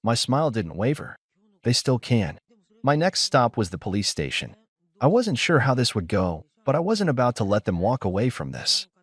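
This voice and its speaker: A man narrating a dramatic first-person story in a cool, measured, dryly triumphant way. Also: mid-range voice, sing-song, breathy edge, no echo.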